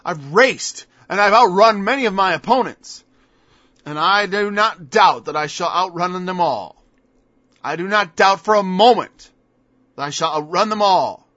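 A man's voice: high-pitched, lively intonation, unhurried, bright, forceful tone, no room sound. A man preaching a sermon, emphatic and scornful, firing off rhetorical questions on a dull lo-fi recording.

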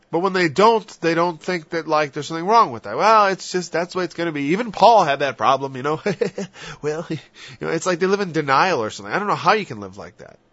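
Man, earnest Christian talker, rambling and halting, dull dry lo-fi sound. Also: fairly high pitch, no echo. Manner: earnest, rambling, halting, with soft whispered asides. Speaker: Christian speaker. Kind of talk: casual religious discussion.

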